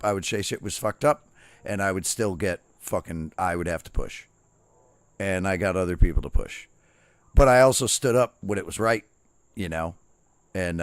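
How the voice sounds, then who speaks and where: A man's voice: low voice, dry recording. A man streaming and telling profane, rambling stories in a casual chat. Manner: profane, storytelling, barks quoted drill shouts.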